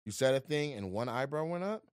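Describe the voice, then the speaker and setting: A man in casual podcast conversation, telling animated stories, cursing freely and acting out quotes with big jumps in his voice. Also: medium pitch, brisk, clean tone, no room sound, clean studio sound. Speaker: guest comedian.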